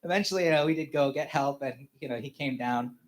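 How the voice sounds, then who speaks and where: Halting man sharing a testimony. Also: mid-range voice. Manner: halting, full of "you know" fillers and restarts; chuckles often while telling stories. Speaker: father giving a testimony at a family church service. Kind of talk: personal sermon testimony.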